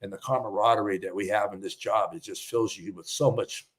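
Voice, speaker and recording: A man's voice: lowish voice, fairly even intonation, fairly quick. An older man, a retired fire chief, telling a personal story in a casual interview and acting out the dialogue. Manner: emotional storyteller, acts out quoted dialogue. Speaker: podcast guest, retired fire battalion chief.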